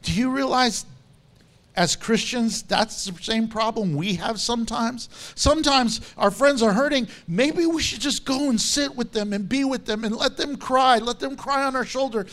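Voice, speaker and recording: High-voiced man preaching animatedly. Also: normal speed. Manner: animated storytelling, acts out quotes. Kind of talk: sermon.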